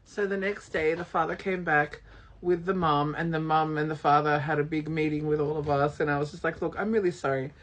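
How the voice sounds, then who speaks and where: Vlogger, casual storytelling, lively, laughs and swears, acts out quotes. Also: medium pitch, fairly quick. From Australia. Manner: animated, laughing, swearing freely, acting out quotes.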